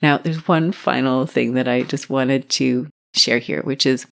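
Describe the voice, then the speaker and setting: Low-pitched middle-aged woman, solo podcast host, encouraging and personal. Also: steady tone, unhurried, gravelly. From Canada. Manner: warm encouraging advice.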